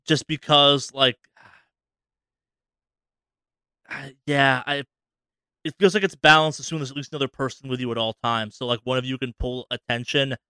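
A man co-hosting a podcast, rambling casually about a video game with many restarts and quick asides. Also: medium pitch, smooth, no room sound. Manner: rambling, many restarts, animated voices for quotes. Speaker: podcast co-host.

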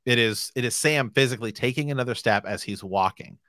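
A man's voice: mid-range voice, brisk, fairly bright tone, no echo, clean studio sound. A man co-hosting a podcast, earnestly talking through a book in casual discussion and rephrasing his points as he goes. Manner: earnest, piles up rephrasings while explaining. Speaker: podcast co-host.

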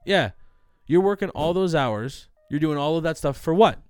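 A man's voice: a little high, animated, moderate pace, clear, resonant tone, no echo, faint music behind. A young man co-hosting a podcast, talking animatedly and swearing, acting out quoted voices. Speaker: podcast co-host. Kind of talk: casual banter.

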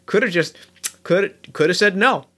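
Man playing a grumbling goblin woodcutter, stoic but griping, slightly high voice. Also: animated, unhurried, a bit bright, heavily acted. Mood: grumbly outraged. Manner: grumbling rant, rising to outrage.

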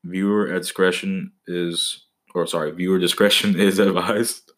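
Young male podcast host, deep voice, profane comic rambling. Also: flat delivery, measured pace, a bit bright. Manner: profane, joking, with mock-dramatic outbursts. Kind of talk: casual comedic monologue.

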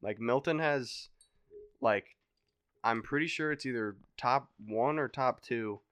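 Animated young man telling a wild story. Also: mid-range voice, takes it slowly, clean tone, dry recording. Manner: animated, swearing, acts out voices loudly. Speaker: podcast guest. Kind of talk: casual storytelling chat.

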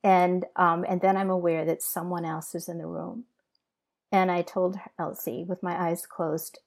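Earnest low woman with a gravelly voice. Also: level tone. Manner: earnest, halting with restarts. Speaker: interview guest. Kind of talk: emotional personal testimony.

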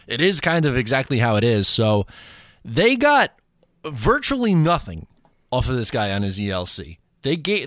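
A man co-hosting a sports podcast who guides the talk and explains the points in a steady, even way. His voice is mid-pitched. The sound is dry and close to the mic. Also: dry recording. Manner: steady and explanatory, leads the segments. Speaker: podcast co-host. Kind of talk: casual sports podcast chat.

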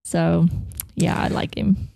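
A woman's voice: lowish voice, little pitch movement, slow pace, creaky, warm tone, no room sound, studio quality. A woman co-hosting a podcast, chatting enthusiastically with stammering restarts. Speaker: podcast co-host. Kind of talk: casual chat.

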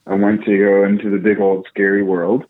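A young man telling a casual story, animated and profane, acting out what people said. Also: fairly low pitch, moderate pace. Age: young adult. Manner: animated, profane, acts out quotes. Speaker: podcast co-host. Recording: tinny phone-like line.

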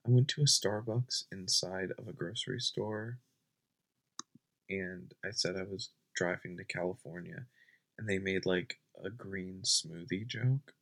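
Young guy, gravelly husky voice, deadpan rambling comedy, keeps slipping into whispers. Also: low voice, a little slow. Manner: rambling, often drops to a whisper. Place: home at night.

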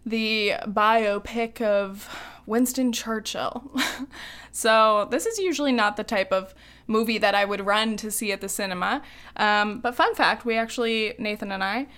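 A woman's voice: mid-range voice, a bit bright, smooth. A young adult woman co-hosting a podcast in casual chat, chatty and giggly, with lots of ums and likes. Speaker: podcast co-host.

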